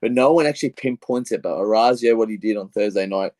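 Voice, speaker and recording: A young Australian man with an Australian accent, co-hosting a casual football podcast and telling a long, excitable story full of re-enacted quotes. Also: lowish voice, fast, no echo. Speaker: podcast co-host. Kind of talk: casual footy podcast chat.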